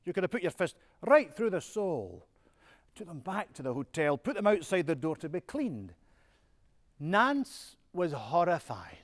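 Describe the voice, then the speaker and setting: An actor playing an older Scottish music-hall star in a stage monologue, telling stories with a chuckling, self-mocking manner. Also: male voice, on the high side, sing-song, unhurried. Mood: jovial boasting. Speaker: music-hall performer in a one-man stage show. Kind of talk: theatrical monologue.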